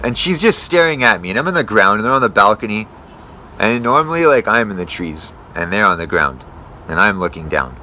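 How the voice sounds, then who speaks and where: A young man rants about his work, cursing nearly every sentence and correcting himself as he goes. His voice is bright and forceful. Faint outdoor traffic noise sits behind him. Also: fairly low pitch, big pitch swings, a little fast. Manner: profane, swears constantly; rambling, self-correcting. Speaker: tree climber. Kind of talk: casual rant to camera.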